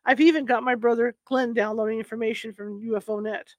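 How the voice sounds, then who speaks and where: A woman's voice: fairly high pitch, fairly even intonation, brisk, dry recording, natural voice. Woman reading as an earnest anxious young mother. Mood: casual.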